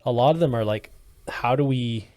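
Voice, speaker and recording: A man's voice: mid-range voice, normal speed, darkish tone, no room sound. A man co-hosting a podcast in casual chat, reflective and full of fillers as he thinks aloud. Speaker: podcast co-host.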